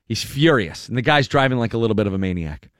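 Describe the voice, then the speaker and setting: A man co-hosting a radio show, telling stories with lively energy and reading news items. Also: quick pace, no echo, clean studio sound. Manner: animated storyteller, jumps high into character voices.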